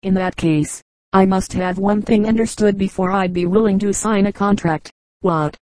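A woman's voice: mid-range voice, steady tone, normal speed, darkish tone, dry recording, lightly acted, poor audio. Woman doing a boastful young showman, matter-of-fact, dry close sound. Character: young man, boastful egg-eating freak.

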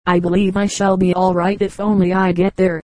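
A woman's voice: medium pitch, little pitch movement, brisk, warm tone, no room sound, lightly acted. A woman reading the lines of a hungry runaway schoolboy who gives short, guarded, polite replies.

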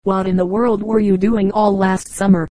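A woman's voice: medium pitch, flat delivery, moderate pace, mellow, dry recording, lightly acted. A woman voicing a family of hardworking ants who scold with disdain. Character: busy scornful ants.

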